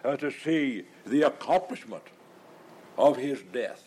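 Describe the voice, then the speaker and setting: A man preaching a sermon, leaning on repeated refrains, with halting restarts and drawn-out stresses on key words. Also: mid-range voice, expressive, a little mellow, breathy edge, low-quality recording.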